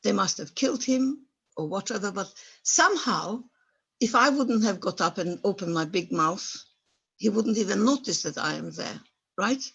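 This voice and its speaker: A woman's voice: medium pitch, lively intonation, normal speed, vocal fry, fairly bright tone, husky, lo-fi sound. A woman in her eighties from the former Yugoslavia tells her own wartime story. She searches for words in non-native English and grows stirred up as she remembers. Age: 80s. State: stirred up by memories. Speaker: Holocaust survivor guest speaker. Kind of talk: personal testimony at an online talk.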